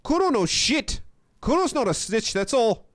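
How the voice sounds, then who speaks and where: A man's voice: fairly high pitch, sing-song, fairly quick, no echo, studio quality. A young man voicing a cocky, foul-mouthed boy of about twelve who swaggers and talks about himself by name.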